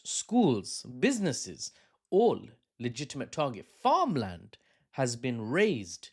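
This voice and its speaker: A man giving casual political commentary, rambling, with frequent fillers and self-corrections. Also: mid-range voice. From United Kingdom.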